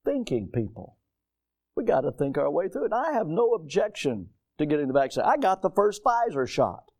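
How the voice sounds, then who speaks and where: A middle-aged pastor preaching a sermon, reading scripture aloud and rising to emphatic declarations. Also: male voice, a little high, sing-song, brisk, a little mellow.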